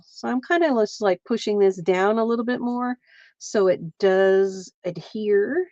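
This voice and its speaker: A woman's voice: mid-range voice, measured pace, mellow, no room sound. A woman hosting a craft livestream, chatting casually as she explains each step while working with her hands. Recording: dull lo-fi stream audio.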